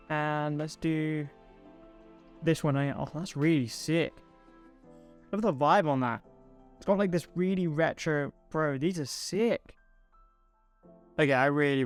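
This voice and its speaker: A man talking casually to his camera at home, relaxed and enthusiastic, chatting to his viewers. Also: on the high side, clean tone. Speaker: photography video creator. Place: indoors at home. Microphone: home studio mic.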